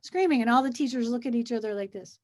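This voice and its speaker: A lively, high-voiced woman co-hosts a casual chat, telling stories animatedly and fast. She acts out quotes, turning soothing and gentle when she voices a child.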